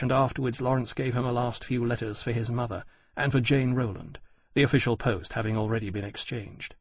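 A man reading a novel aloud in even, measured scripted narration. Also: mid-range voice, husky, no room sound, studio quality. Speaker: audiobook narrator.

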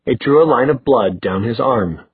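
A man reading a novel aloud in a measured, even storytelling manner. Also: mid-range voice, slightly rough, no room sound. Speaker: audiobook narrator. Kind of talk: scripted novel narration. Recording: dry tinny phone-like sound.

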